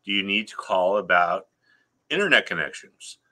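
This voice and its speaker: A man's voice: low-pitched, animated, sharp tone, exaggerated voice. A man putting on the voice of an automated customer-service phone bot reading its menu prompts. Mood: chirpy scripted. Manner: chirpy menu prompts, drawn-out.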